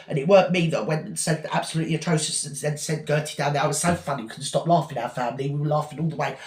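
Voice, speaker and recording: A rambling, self-pitying gossip, put on by a man, a scammer who always plays the victim. The voice sits a little high and tumbles out fast in breathless, circular storytelling. It is recorded in an echoey room. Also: fairly even intonation, a little mellow, natural voice. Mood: whiny rambling. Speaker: parody performer. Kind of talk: satirical character monologue.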